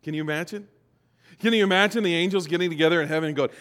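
A male pastor with a high voice preaches a sermon in a reverberant hall. He moves between forceful emphasis and hushed reflection and acts out the quotes he tells. The room rings with a long echo. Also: racing.

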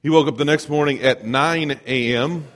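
A middle-aged man preaching a sermon as pastor, telling stories in a lively, conversational way. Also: a little high, moderate pace, in a large hall. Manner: storytelling, animated, conversational.

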